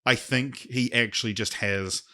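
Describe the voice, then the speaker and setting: A man's voice: mid-range voice, fairly even intonation, a little slow, bright, forceful tone. A man co-hosting a podcast, retelling a story in casual chat with many false starts. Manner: rambling storyteller with many restarts. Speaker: podcast co-host.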